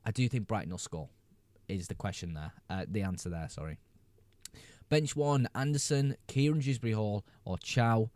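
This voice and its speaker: A man hosting a casual fantasy football live stream, reading viewer questions aloud, answering them quickly and laughing often. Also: fairly low pitch, darkish tone, dry recording.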